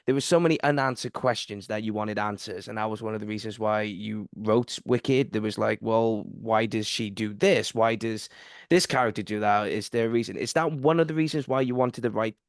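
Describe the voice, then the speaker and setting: A man hosting a podcast, asking a question in a halting way with many fillers. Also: lowish voice, dry recording, studio quality. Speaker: podcast host. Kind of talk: interview question.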